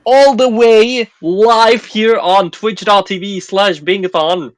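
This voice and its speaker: A man's voice: high voice, fairly even intonation, slow, dry recording. A man hosting a livestream in casual chat, playful and laughing, often stumbling over his words. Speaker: stream host.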